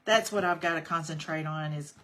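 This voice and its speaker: A woman's voice: sits low, a little fast, noisy background. A woman demonstrating a craft project on a livestream, chatting and greeting her viewers by name between steps. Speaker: craft tutorial host. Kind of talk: casual livestream craft demo.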